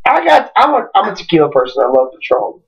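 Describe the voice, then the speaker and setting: A man's voice: high-pitched, huge pitch swings, quick pace, muffled recording, crowd noise. A young man from Wisconsin, hosting a podcast, tells a rowdy drinking story in casual, profane chat, with sudden jumps into quoted voices. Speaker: podcast host.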